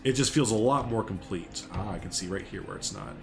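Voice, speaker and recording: A man's voice: lowish voice, fairly quick, gravelly. Man, young adult, casual stream commentary, rambling, talks to chat, faint background music. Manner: rambling, chatty, reads and answers chat.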